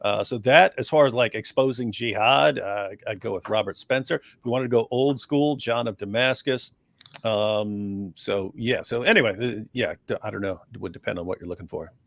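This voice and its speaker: A man's voice: on the low side, normal speed, gravelly, a bit bright, no room sound. A man co-hosting a livestream who stumbles and restarts often, then mocks opponents by mimicking them. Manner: hesitant, many restarts, mocking mimicry. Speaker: livestream co-host. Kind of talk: livestream discussion.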